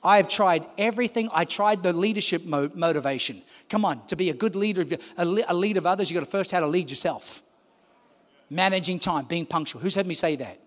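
A man's voice: sits high, a little fast. A man preaching a sermon as pastor, pressing his congregation with repeated calls to listen. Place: large church hall. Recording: long hall reverb.

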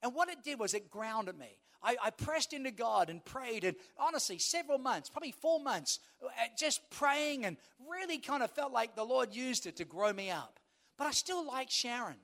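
A man's voice: very high-pitched, animated, normal speed, a bit bright. A man preaching a sermon as a pastor, telling a humorous personal story and acting out the dialogue. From Australia. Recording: long hall reverb.

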